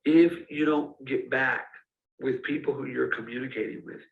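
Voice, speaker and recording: A man's voice: medium pitch, steady tone, moderate pace, creaky, narrow, tinny audio. A man giving a casual, direct teaching talk to student ministry leaders. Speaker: youth ministry coach. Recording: roomy, speaker far from mic.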